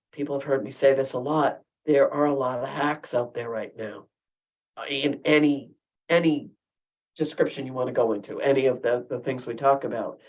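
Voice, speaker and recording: Woman podcast co-host, very low voice, firm and emphatic. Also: a little mellow. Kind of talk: casual podcast chat.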